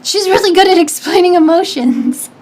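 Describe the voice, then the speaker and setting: Young female streamer, high-pitched, chatty and giggly, rambles through viewer questions with frequent restarts. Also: animated, normal speed, darkish tone. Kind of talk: casual stream chat reading viewer questions.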